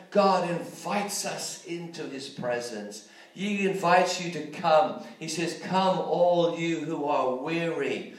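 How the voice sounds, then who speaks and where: A man with a high voice preaches a sermon, moving from quiet reflection to fervent exhortation. His voice rings through a very echoey space and sits some distance from the mic.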